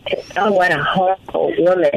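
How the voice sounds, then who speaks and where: A woman's voice: on the low side, fairly even intonation, normal speed, vocal fry, slightly rough, rough recording. A woman phoning in to a radio show, talking in a chatty, rambling way from her porch in the rain. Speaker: caller. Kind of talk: phone-in call to a radio show. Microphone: phone.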